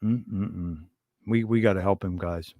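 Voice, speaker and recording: A man's voice: mid-range voice, expressive, unhurried, no room sound, studio quality. A man hosting a casual livestream, rambling in irreverent, conspiratorial banter with his chat. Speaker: livestream host.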